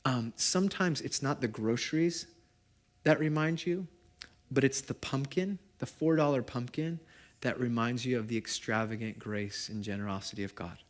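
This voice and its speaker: A man, a pastor preaching a sermon and telling stories, swinging from loud emphasis to quiet, intimate moments. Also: medium pitch. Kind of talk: sermon with storytelling. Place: church service.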